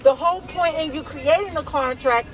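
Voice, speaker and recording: Woman, high and heated, swearing lecture to a phone from her car seat; vlogger rant. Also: normal speed, low-quality recording. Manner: profane, heated, lecturing, keeps tagging "okay?". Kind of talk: casual rant to camera. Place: inside a parked car.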